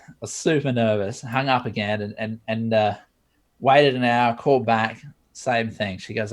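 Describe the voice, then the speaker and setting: Man telling a lively story. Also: medium pitch, moderate pace. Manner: lively storyteller who acts out dialogue. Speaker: guest, 3D modeler. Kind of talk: storytelling interview.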